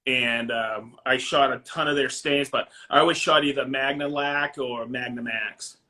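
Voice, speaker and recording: Middle-aged man, Maine accent, bright voice, rambling casual guest who laughs a lot. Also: mid-range voice, fairly even intonation, moderate pace. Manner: rambling, laughs often, many fillers. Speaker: guest, finisher. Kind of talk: casual chat.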